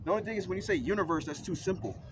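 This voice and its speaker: High-voiced man ranting argumentatively. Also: expressive, racing, background noise. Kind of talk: ranting vlog.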